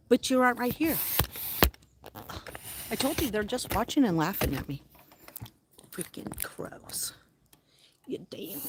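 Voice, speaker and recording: A woman vlogging outdoors, excitedly calling and cheering at a squirrel, then dropping to mutters. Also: a little high. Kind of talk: casual outdoor vlog. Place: outdoors, yard near a hill road.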